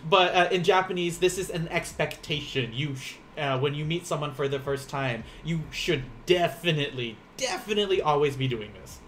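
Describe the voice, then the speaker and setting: Casual male streamer-teacher, 30s, slightly high voice, rambling and laughing, faint background hiss. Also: moderate pace, hardly any pauses, fairly bright tone. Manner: chatty, rambling, laughs often, eats while teaching. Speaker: Japanese teacher. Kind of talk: casual live-streamed language lesson.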